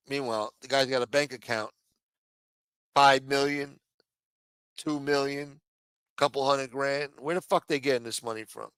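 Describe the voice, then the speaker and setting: Male stream host, smooth resonant voice, dry close sound, heated and profane. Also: mid-range voice, fairly even intonation, moderate pace, long pauses, a bit bright, no echo. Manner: heated, profane, repetitive, then apologetic. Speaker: livestream host. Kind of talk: profane political rant on a stream.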